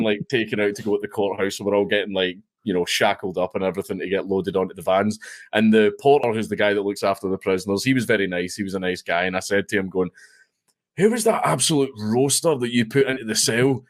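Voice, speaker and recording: A man's voice: on the low side, fairly even intonation, quick pace. A Scottish man telling a story as a guest on a podcast, rambling, swearing freely and laughing often. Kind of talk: casual storytelling chat.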